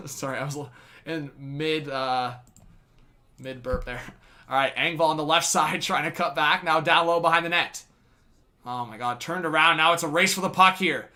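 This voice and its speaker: Bright-voiced laughing hockey fan commentator. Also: male voice, on the high side, moderate pace. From Canada. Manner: laughs often, bursts into loud excited shouts on big plays. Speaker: hockey play-by-play streamer. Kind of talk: live fan play-by-play commentary.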